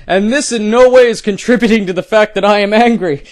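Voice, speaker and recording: A young man giving a sarcastic, mock-dramatic reading of forum posts, swinging from exasperated shouting to low muttering between lines. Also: normal speed, no echo. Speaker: comedic reader of forum posts.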